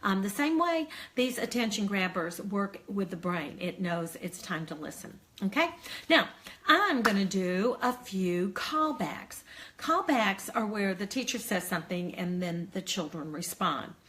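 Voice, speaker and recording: Older female teacher trainer, warm encouraging delivery, breaks into slow singsong chants. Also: mid-range voice, animated. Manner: friendly, encouraging explanation. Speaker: early childhood educator.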